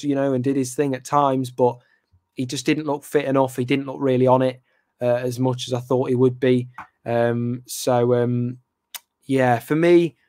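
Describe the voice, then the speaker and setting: A man's voice: mid-range voice, a little mellow, dry recording, clean studio sound. Chatty young male football fan host. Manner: rambling, hesitant, lots of ums and restarts; talks to viewers in the live chat by name. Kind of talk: casual live fan reaction chat.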